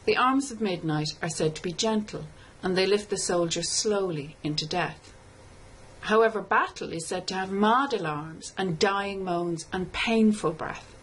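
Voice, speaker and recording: A woman lecturer giving a scripted tutorial, explaining step by step in a measured way and reading lines of verse slowly. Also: mid-range voice, slight background noise, low-quality recording. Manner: measured, explanatory, reads poem aloud slowly. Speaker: literature lecturer.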